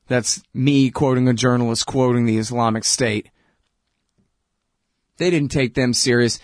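A man's voice: medium pitch, measured pace, dry recording. A man hosting a radio commentary show, talking in a sarcastic, conversational and emphatic way into a close mic. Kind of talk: political commentary monologue.

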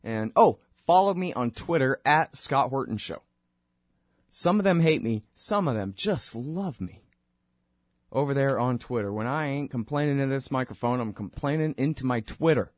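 A man's voice: medium pitch, expressive, moderate pace, no echo, clean studio sound. A man hosting his own radio show, rambling informally and wryly between plugs. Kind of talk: casual monologue with plugs.

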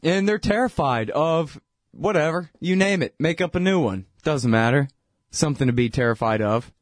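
With a fairly high, expressive voice at a normal speed, a man laughs along with his own sardonic political remarks, tossing in plenty of fillers like "dude" and "man." The sound is dry and clean, studio quality.

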